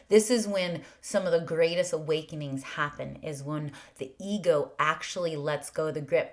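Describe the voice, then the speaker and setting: A woman hosting a podcast, giving a reflective spiritual monologue in an earnest way, stacking rhetorical questions and sometimes dropping to a breathy near-whisper. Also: lowish voice, takes it slowly, a bit bright. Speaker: podcast host.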